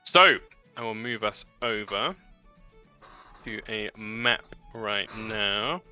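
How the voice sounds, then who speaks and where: A man narrating a tabletop game as game master, relaxed with many fillers. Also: on the low side, slow, clean tone, faint music behind.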